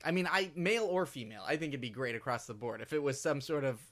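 A man's voice: mid-range voice, expressive, quick pace, a bit bright. A man co-hosting a casual podcast, chatty and laughing often. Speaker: podcast co-host. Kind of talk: casual chat.

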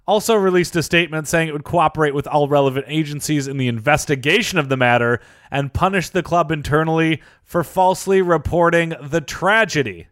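Man, podcast co-host, deadpan, joking, high voice, dry recording. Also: brisk, no echo. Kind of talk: casual comedic chat.

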